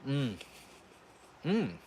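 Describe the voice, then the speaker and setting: A man's voice: medium pitch, big pitch swings, drawn-out words, background noise. A man from West Virginia with a West Virginian accent, chatting casually and rambling with restarts on a live stream. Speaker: livestream host.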